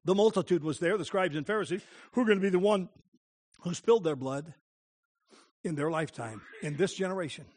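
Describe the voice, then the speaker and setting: A man preaching a sermon as pastor, impassioned, moving from hushed tones to crying out. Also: high-pitched, a little fast, pauses often.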